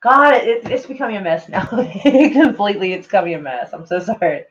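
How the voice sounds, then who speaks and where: A woman's voice: medium pitch, lively intonation, normal speed, few pauses. Rambling casual woman vlogger, lo-fi sound. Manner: rambling, heavy on "like", swears often. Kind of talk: casual reading and reacting to tweets. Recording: dull lo-fi sound.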